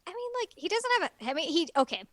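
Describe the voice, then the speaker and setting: High-voiced woman retelling a story. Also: sing-song, racing, a bit bright, no echo, studio quality. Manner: rambling plot retelling with many fillers. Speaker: guest reviewer. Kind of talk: casual podcast chat.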